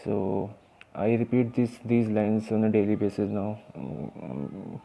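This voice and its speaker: A man's voice: fairly low pitch, slow, vocal fry, warm tone. A young man giving a casual vocabulary lesson, hesitant, with many restarts and fillers. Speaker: vocabulary teacher.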